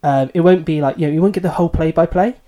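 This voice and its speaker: A man's voice: fairly high pitch, fast, mellow. A man co-hosting a podcast, giving thoughtful, hedging opinions in a casual book discussion. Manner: thoughtful, hedging, self-deprecating. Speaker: podcast co-host.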